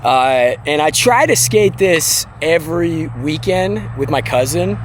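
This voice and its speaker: A man in his late twenties talks to the camera in a loose, rambling way, cracking jokes and dropping the odd swear word. He records on the go, first from a car and then outside at a skate park. Wind and passing traffic are clearly heard behind his voice. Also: fairly high pitch, animated, slow pace. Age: late 20s. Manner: rambling, joking and offhand, with swearing. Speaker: vlogger. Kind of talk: casual vlog chat. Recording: outdoor wind and traffic noise.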